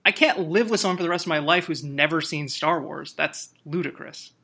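Bright-voiced joking male podcast host. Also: a little high, brisk, vocal fry. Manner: laughing, joking, loose plugs. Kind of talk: casual podcast chat.

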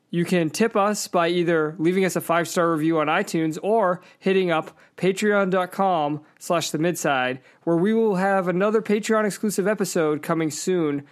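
A woman hosting a podcast, telling a story in casual chat with animated, profane energy. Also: lowish voice. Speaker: podcast host.

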